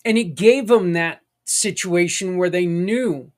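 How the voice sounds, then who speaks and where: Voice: mid-range voice, slow, darkish tone. Podcast host, folksy, rambling, earnest and encouraging, casual monologue. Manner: folksy and rambling, with tangents and mild swearing.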